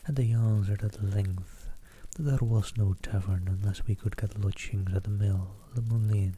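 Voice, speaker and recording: Male ASMR reader, whispered reading from close up, very dark mellow tone, faint hiss behind. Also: fairly low pitch, fairly even intonation, normal speed. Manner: soft unvoiced whisper, reading a travel book aloud; self-deprecating asides between passages. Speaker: ASMR streamer.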